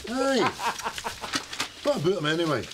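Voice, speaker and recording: An actor playing a wistful, gruff older Scottish pensioner in a sitcom. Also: male voice, high voice, big pitch swings, moderate pace, background noise. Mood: bantering. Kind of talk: sitcom acting.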